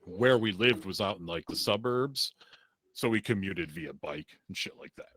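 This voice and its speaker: Lively, low-voiced man telling a story. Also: moderate pace, slightly rough, no room sound. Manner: profane, rambling, laughing storyteller. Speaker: podcast co-host telling a story. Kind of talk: casual storytelling.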